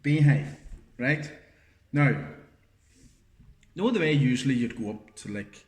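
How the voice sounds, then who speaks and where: Man, middle-aged, rambling storyteller, lots of fillers, mid-pitched voice, echoey room. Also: animated, measured pace, a little mellow. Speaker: podcast co-host. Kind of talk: casual chat, anecdote telling.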